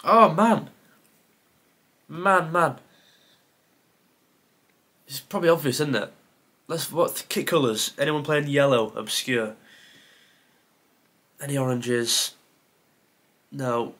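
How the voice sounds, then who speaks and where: A man's voice: medium pitch, slow pace, long pauses, a bit bright. A man who creates football content, thinking aloud to himself during a timed quiz, muttering and sighing with self-deprecating asides.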